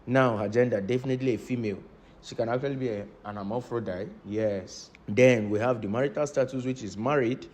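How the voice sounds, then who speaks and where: A man's voice: mid-range voice, a little fast, darkish tone. A man teaching a business training class, repeating key points and often asking his students if they understand. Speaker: instructor. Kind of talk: lecture-style class.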